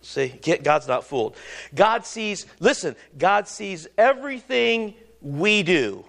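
A man preaching a sermon, animated, slowing into stately tones when he quotes scripture. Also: high voice, vocal fry. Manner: animated, rising and falling, quoting scripture in slow stately tones. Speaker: pastor.

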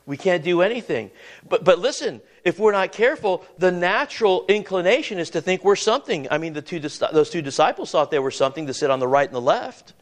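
A man's voice: high-pitched, expressive, a little fast. A man preaching a sermon as pastor, asking the congregation questions and often repeating words as he goes.

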